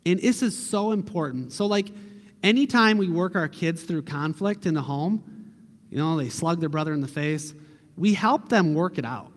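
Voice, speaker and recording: A middle-aged male pastor with a notably high voice, giving an earnest, conversational sermon. His words carry a long reverb from the church hall around him. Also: animated, moderate pace. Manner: earnest, conversational preaching with a quiet prayer close.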